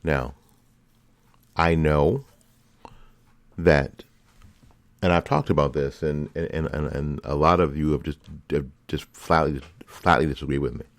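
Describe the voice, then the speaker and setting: Deep-voiced impassioned male commentator. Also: measured pace, pauses often, no echo. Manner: impassioned, repetitive rhetorical questions. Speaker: political commentary host. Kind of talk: opinion monologue.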